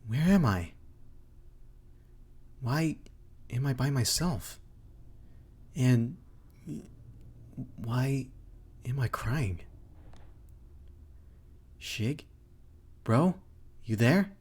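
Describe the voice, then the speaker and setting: Man doing a high, breathy, anxious schoolgirl for a game voice-over. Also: expressive, extremely slow, pauses often, darkish tone, exaggerated voice. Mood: confused. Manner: high, strained girlish voice. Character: anxious teenage schoolgirl, timid and fretful. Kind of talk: let's play voice acting.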